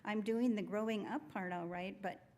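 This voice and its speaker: A woman's voice: mid-range voice, steady tone, moderate pace, a little mellow, lightly acted. A woman voicing a young male rooster who is unsure and worried, speaking in an anxious, gloomy way.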